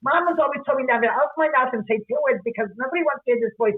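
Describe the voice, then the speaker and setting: A man voicing a chatty young woman who gushes rapidly and breathlessly. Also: very high voice, husky, voice pushed up. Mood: gushing. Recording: tinny phone line.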